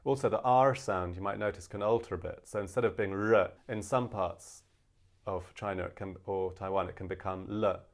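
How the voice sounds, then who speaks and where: A man teaching a casual language lesson, explaining with many fillers and slowing down to demonstrate pronunciations. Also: lowish voice, fairly even intonation.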